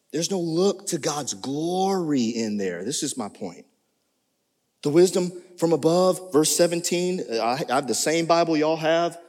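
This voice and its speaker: A man preaching a sermon as pastor, animated, with sudden jumps in pitch. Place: church sanctuary. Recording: long reverb of a church hall.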